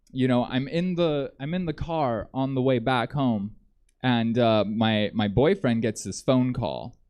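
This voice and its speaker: Guy doing standup on a theater stage, deadpan, rambly, lots of ums, average pitch. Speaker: stand-up comedian. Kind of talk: stand-up comedy set.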